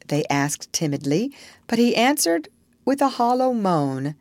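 Woman reading a kids' story, slow and lively, low-ish voice, dry sound. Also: dry recording. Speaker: narrator.

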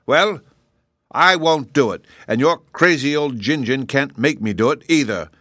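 A man voicing a boastful old gnome king who talks in a loud, bragging, indignant way. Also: mid-range voice, animated, normal speed, no echo, studio quality, pitched above the performer's own voice, lightly acted. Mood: defiant.

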